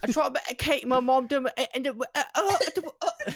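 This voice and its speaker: A man imitating a young princess with a heavy, fast Scottish accent that cannot be understood. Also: very high-pitched, animated, a bit bright, dry recording, studio quality, pitched above the performer's own voice, exaggerated voice. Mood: garbled. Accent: Scottish (put on).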